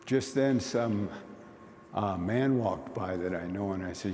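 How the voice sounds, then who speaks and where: A man from the Oneida community gives a conversational conference talk in a plain, folksy storytelling style. His voice is fairly low, a little slow and somewhat mellow, and the recording has long hall reverb and faint noise.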